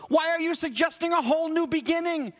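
A proud older teacher, bewildered and indignant, pleading for credit in a high, strained voice, as a preacher puts him on. Long reverb trails each line, as if in a large hall. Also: male voice, quick pace. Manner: pleading, defensive questioning.

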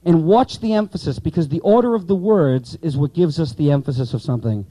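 A man's voice: a little high, brisk, mellow, no room sound, rough recording. A man teaching a class of pastors about Bible Greek, explaining with rhetorical questions and asides to the students.

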